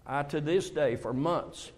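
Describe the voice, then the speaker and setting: A man's voice: on the high side, measured pace, a little mellow. An older man preaches in a plain, folksy way. He tells stories from his own life and voices both sides of his talks with God. His delivery is heartfelt and personal. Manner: storytelling, acts out dialogues with God, emotional confessions. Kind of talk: folksy conversational sermon.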